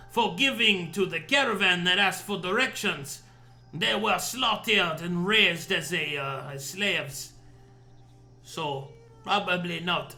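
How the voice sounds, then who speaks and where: A man's voice: high voice, sharp tone, exaggerated voice. A man voicing a sly, courteous male gator informant with a put-on French accent and theatrical manner. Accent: fake French.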